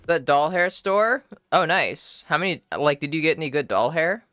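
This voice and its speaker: A woman livestreaming, chatting casually with her viewers and answering their messages in a relaxed, shy, giggly way with plenty of swearing. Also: low-pitched, no echo, clean studio sound. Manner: reads and answers chat messages. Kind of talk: casual chat with stream viewers.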